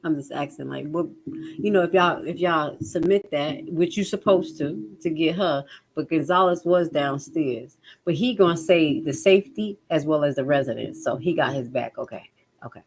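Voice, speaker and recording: Livestream host, woman, Jersey accent, lowish pitch, casual and animated. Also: moderate pace. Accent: New Jersey. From New Jersey. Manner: animated, swings loud and high when exclaiming. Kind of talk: casual livestream chat reading comments.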